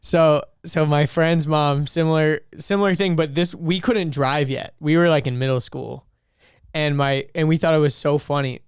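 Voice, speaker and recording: A man's voice: a little high, fairly even intonation, moderate pace, clear, resonant tone, dry recording, studio quality. A man co-hosting a podcast, telling a rambling story in casual chat. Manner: rambling, self-correcting storyteller. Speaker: podcast co-host.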